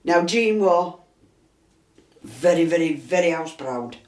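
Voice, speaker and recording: A woman's voice: deep voice, takes it slowly. Chesty older Yorkshire woman telling a tale. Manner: lively storyteller acting out quoted dialogue. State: chesty cough. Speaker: resident interviewee. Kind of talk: storytelling interview. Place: inside a house. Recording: roomy echo.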